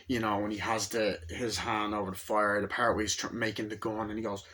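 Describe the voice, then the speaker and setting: A man's voice: on the low side, level tone, brisk, heavy background noise. A young man giving a casual movie review, rambling and acting out lines from the film in raised voices.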